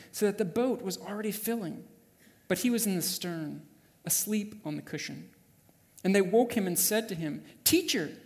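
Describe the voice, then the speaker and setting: A man preaching a sermon, telling a story vividly and swinging from hushed passages to loud, urgent ones. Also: sits high, big-room sound. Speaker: pastor. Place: church sanctuary.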